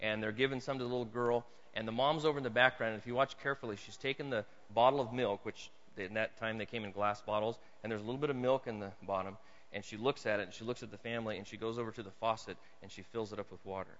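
A man preaching a sermon to a congregation, swinging from hushed storytelling to loud, emphatic points. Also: fairly low pitch, fairly even intonation, fast talker, big-room sound, highs cut off. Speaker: pastor. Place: church hall.

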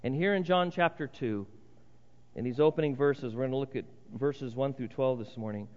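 A man preaching a sermon as pastor, earnest and dramatic, dropping to a hush for emphasis. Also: medium pitch, moderate pace. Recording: reverberant hall, dull lo-fi sound.

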